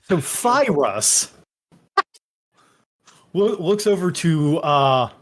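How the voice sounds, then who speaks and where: A man narrating a tabletop game as game master, rambling and halting with many fillers. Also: a little high.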